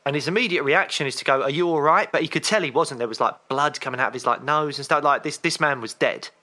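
A man co-hosting a podcast, telling a story in a chatty, animated way. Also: mid-range voice, fast talker. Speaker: podcast co-host. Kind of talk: casual chat.

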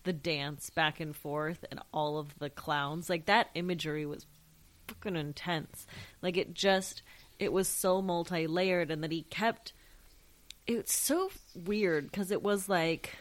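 A woman casually talking about a favorite movie scene, thinking aloud as she goes. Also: on the low side. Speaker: podcast co-host.

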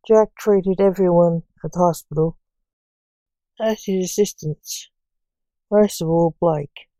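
A woman reading a story aloud in an even, unhurried way, with little change of voice between characters. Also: fairly low pitch, dry recording. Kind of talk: read-aloud story narration.

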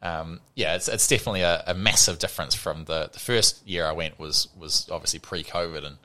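A man's voice: low-pitched, fairly quick, bright, forceful tone. A man in his thirties with a New Zealand accent, a cricketer chatting as an interview guest, rambling with lots of fillers. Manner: rambling, heavy on fillers like "you know" and "sort of", mimics people in anecdotes. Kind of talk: casual interview chat.

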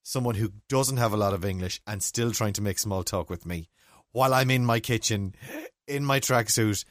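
A man's voice: lowish voice, normal speed, no echo, studio quality. An Irish man from Mayo co-hosting a podcast, telling a story in casual chat and often laughing. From Ireland (County Mayo). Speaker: podcast co-host.

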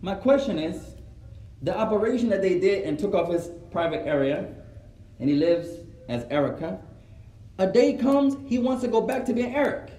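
High-voiced man teaching. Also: moderate pace. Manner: animated, acts out quoted voices, mixes in Arabic phrases. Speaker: Islamic teacher. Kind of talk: religious lesson to a live gathering. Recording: roomy echo.

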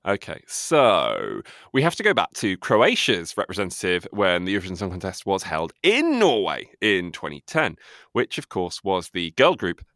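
Lively, teasing male podcast co-host. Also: low-pitched, normal speed, no echo, studio quality. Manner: lively, teasing quiz-master delivery. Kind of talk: casual chat.

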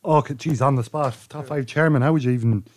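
An Irish man co-hosting a casual podcast, delivering dry, deadpan jokes. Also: mid-range voice, quick pace, no room sound. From Ireland. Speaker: podcast co-host. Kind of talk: casual banter among friends.

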